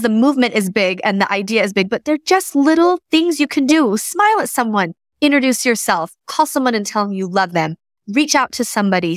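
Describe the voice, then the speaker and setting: Mom-aged woman host chatting away, lots of "like", slightly high voice, dry mic. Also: no echo. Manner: animated, many fillers like "like". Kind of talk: casual chat.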